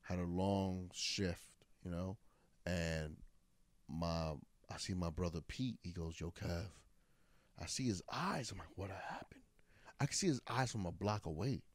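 Young man, very low voice, dry close sound; casual animated storyteller. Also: unhurried, dry recording. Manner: animated, quoting himself and others. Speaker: guest storyteller.

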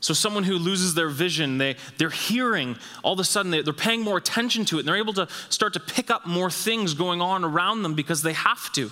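A man preaching a sermon as pastor, emphatic and repetitive, his voice rising high when he stresses a point. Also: brisk, hardly any pauses, pushed and bright, big-room sound. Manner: emphatic, repeats phrases, rises in pitch when stressing a point.

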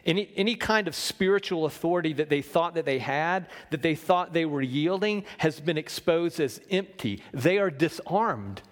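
A man preaching a sermon, shifting between loud emphasis and hushed low lines and asking the congregation questions. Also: lively intonation, normal speed, few pauses, big-room sound. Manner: talks with the congregation, asks them questions. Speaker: pastor.

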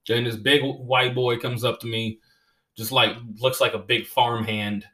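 A comedian and podcast host telling stories in a casual, profane, animated way and laughing as he goes. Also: mid-range voice, a little slow. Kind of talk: casual storytelling chat.

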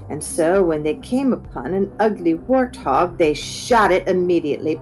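A woman reading a children's book aloud with expressive storytelling. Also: on the low side, moderate pace, soft background music, poor audio. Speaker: reader.

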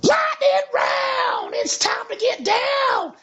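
Picture a shrill, wildly swooping hype man who shouts everything at full tilt, rowdy and cheeky. The recording is dull and lo-fi. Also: expressive, slow, gravelly, heavily acted. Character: shouty hyped-up male hype guy.

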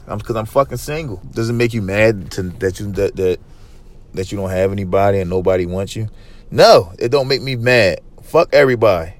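A man's voice: medium pitch, no room sound. A man hosting his own podcast alone, talking to listeners in a loose, profane, hyped and rambling way. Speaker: podcast host. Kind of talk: casual solo podcast monologue.

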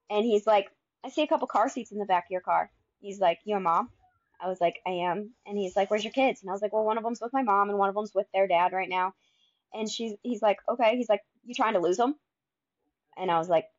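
A young adult woman telling her own story casually, acting out quoted conversations with lively shifts. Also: mid-range voice, dry recording, highs cut off. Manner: animated, acts out quoted dialogue.

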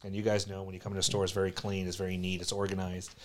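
A man from South Florida, a collectibles store owner, telling a story as a podcast guest with lively acted-out quotes. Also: low-pitched, rapid-fire. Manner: animated, acts out quoted voices loudly.

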